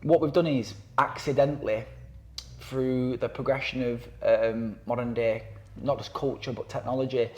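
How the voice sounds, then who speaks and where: This anti-knife-crime campaigner, a guest on a podcast, speaks at a normal speed in a mid-range male voice. His talk is casual and rambling, full of fillers and restarts. He tells stories with energy, putting on voices when he quotes people.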